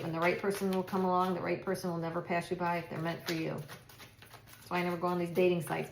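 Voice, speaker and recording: A woman in middle age talks through a tarot reading in a loose, comforting monologue, often restarting her sentences. Her voice sits low and has a gravelly edge. The sound echoes around the room she records in. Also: a little hiss or hum. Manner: chatty, reassuring, thinks aloud with restarts. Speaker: tarot reader.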